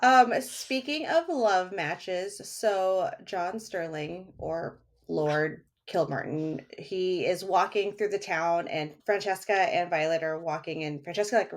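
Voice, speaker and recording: A woman's voice: fairly low pitch, takes it slowly, hardly any pauses. A young adult woman co-hosting a casual podcast chat, animatedly retelling scenes and acting out the characters' lines. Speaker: podcast co-host.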